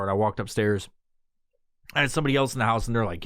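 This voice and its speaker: A man's voice: big pitch swings, fast, dry recording, studio quality. Profane rambling man telling a story. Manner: profane, rambling, jumps into loud high-pitched voices for quoted lines. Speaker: podcast host. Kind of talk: casual storytelling.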